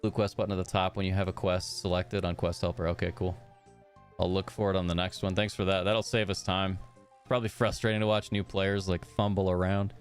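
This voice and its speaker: A man's voice: sits low, steady tone, a little fast, smooth, faint music behind. Chatty young man streaming a game. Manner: upbeat and chatty, talks to his chat. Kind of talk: casual live gameplay commentary, reading game dialogue aloud.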